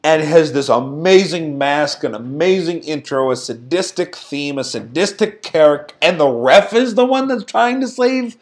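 A man's voice: on the high side, expressive, moderate pace, hardly any pauses. A man co-hosting a podcast, recapping events in a sarcastic, incredulous rant. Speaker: podcast co-host. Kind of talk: casual recap commentary.

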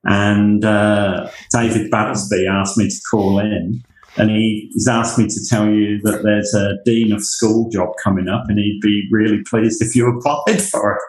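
A man from the United Kingdom, a university leader, telling lively anecdotes in conversation. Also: fairly low pitch, a little slow, reverberant, rough recording. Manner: animated anecdotes, acts out quoted voices. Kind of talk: storytelling in conversation.

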